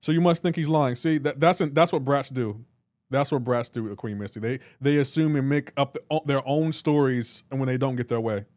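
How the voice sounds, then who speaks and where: A man's voice: mid-range voice, a little fast, a little mellow, dry recording. A man on a live reaction stream, teasing and bantering with his chat and laughing often. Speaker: livestreamer.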